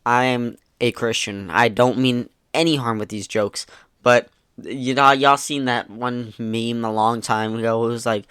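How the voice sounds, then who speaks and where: A man talking through online messages in an easygoing, sarcastic commentary, dropping casual swears and poking fun at them. His voice sits at an everyday middle pitch. The recording is close and dry, with no room sound. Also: fairly even intonation, unhurried, fairly bright tone, clear, resonant tone, dry recording. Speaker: YouTube commentator.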